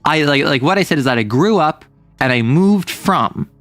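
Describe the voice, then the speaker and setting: A man's voice: fairly high pitch, lively intonation, normal speed, a bit bright, no room sound, faint music behind. A young man streaming and chatting casually with viewers, rambling with lots of fillers and self-corrections. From US Northeast, near New York City. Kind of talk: casual livestream chat reading chat.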